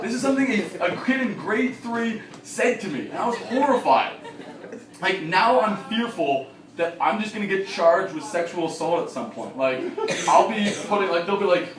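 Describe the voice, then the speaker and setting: Young male stand-up comic, high lively voice that jumps around, excitable and swearing; roomy bar recorded from afar with a laughing crowd. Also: normal speed, distant mic. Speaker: stand-up comedian. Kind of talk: stand-up comedy set. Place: small bar stage with live audience.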